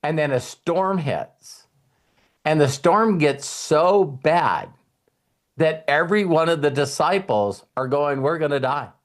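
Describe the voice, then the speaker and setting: Man, spiritual life coach, lively swooping voice, a bit high, repeats himself, laughs a lot. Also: slow. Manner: animated, repetitive, laughs often.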